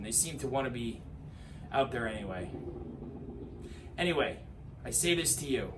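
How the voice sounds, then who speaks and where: A man's voice: medium pitch, noisy background. A man giving an impassioned political address, rousing and emphatic, with rhetorical lists and repeated calls to action. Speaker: political commentator.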